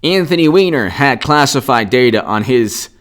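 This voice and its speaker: A man's voice: mid-range voice, expressive, moderate pace, a bit bright. Combative man ranting on politics. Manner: sarcastic. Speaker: political commentator. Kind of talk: unscripted political commentary.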